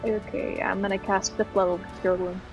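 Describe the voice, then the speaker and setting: A woman's voice: medium pitch, flat delivery, normal speed, lo-fi sound, over music. A woman playing a tabletop game, playful and giggly. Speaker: player. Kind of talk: casual tabletop play.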